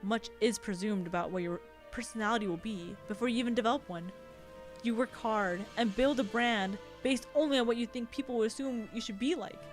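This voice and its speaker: A woman with a higher voice reads a visual novel aloud fairly quickly, lightly acting over soft background music. She plays a haughty, sinister alien noblewoman brooding over her loneliness in a self-pitying monologue.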